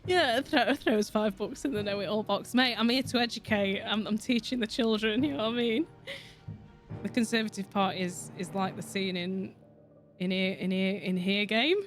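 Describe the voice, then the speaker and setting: A woman's voice: mid-range voice, steady tone, normal speed, soft background music. A woman with a Yorkshire accent chatting casually on a game stream, swearing freely and laughing a lot. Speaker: streamer with a virtual avatar. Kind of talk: casual gaming stream chat.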